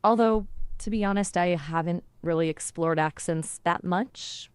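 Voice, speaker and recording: A woman's voice: lowish voice, unhurried, smooth, no room sound. Chatty female AI voice, dry sound. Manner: friendly, playful, polite, fond of small disclaimers. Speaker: AI voice chatbot. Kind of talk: conversational AI companion.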